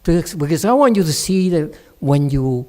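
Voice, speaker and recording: A man's voice: a little high, animated, moderate pace, darkish tone. A man, a Buddhist monk, giving a dharma talk to his class in a blunt, scolding and mocking way. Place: meditation center.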